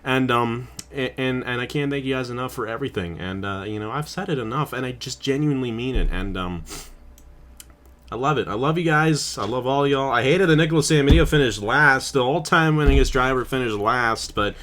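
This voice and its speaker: A man's voice: mid-range voice, a little fast, fairly bright tone. Tearful man thanking his community. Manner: tearful, heartfelt, laughing through tears. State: crying. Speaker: channel host and race commentator. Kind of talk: emotional closing remarks on a stream.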